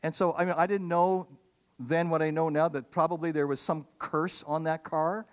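A middle-aged man preaching a sermon, animated, with loud emphatic lines and humorous asides. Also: a little high, moderate pace. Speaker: pastor.

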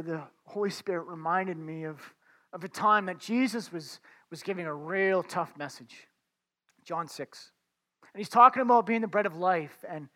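A man's voice: high voice, a bit bright. A man preaching a conversational sermon, talking informally to his listeners as friends and often restarting his words.

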